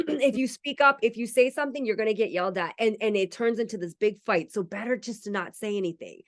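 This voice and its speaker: A woman's voice: mid-range voice, fast. A woman hosting a casual spiritual podcast, chatty and candid, swearing freely. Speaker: podcast host.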